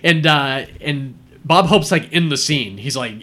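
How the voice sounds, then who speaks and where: A man's voice: on the high side, a little slow, sharp tone. A man in casual chat retelling a film at length, rambling with many fillers like "uh" and "like".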